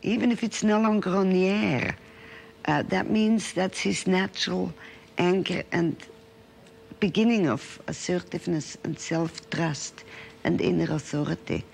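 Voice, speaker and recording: A woman's voice: on the low side, measured pace, vocal fry, darkish tone, slight background noise. A woman psychiatrist giving a lecture and telling case stories, earnestly checking in with her listeners. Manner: earnest storytelling, checks in with the audience.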